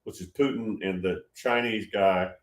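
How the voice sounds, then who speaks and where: A man's voice: lowish voice, normal speed, echoey room. A man hosting a prophetic livestream, talking casually and reading viewer comments, rambling and repeating himself with emphasis.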